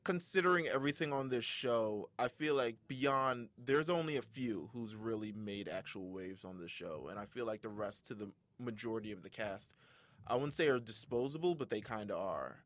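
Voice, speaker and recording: A man's voice: fairly low pitch, animated, normal speed, a bit bright, dry recording. A young man hosting a casual podcast, talking in a rambling way with fillers and laughs. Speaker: podcast host.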